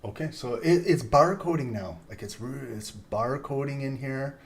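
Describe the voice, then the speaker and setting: Guy in his 30s doing casual live trading commentary, rambly, mid-pitched voice. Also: normal speed. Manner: rambling, chatty, frequent laughter. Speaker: trading stream host.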